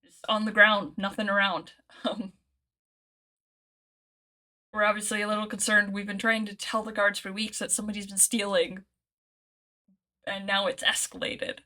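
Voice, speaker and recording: A shaken goblin woman, voiced by a woman in a tabletop game, recounting trouble with worry in her words. The voice is bright and only a little raised. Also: mid-range voice, little pitch movement, normal speed, pauses often, lightly acted. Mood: worried. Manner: worried, pleading. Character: shaken young female goblin spokesperson.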